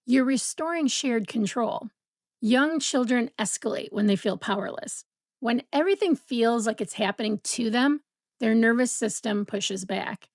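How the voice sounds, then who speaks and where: A woman with a slightly high voice explains parenting strategies in a calm, measured way. Her delivery is steady and explanatory, and the sound is dry and close. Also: dry recording. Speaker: parenting educator. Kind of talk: scripted educational talk to camera.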